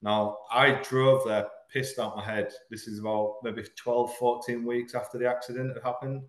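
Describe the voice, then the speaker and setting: A man speaks in a middle-pitched voice and tells a hard personal story with blunt honesty. He pauses and stumbles over the heaviest parts, but he keeps going. The room gives his voice a roomy echo. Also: steady tone. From Hull, England. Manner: frank, earnest, halting at painful moments. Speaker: podcast guest. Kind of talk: candid personal storytelling in an interview.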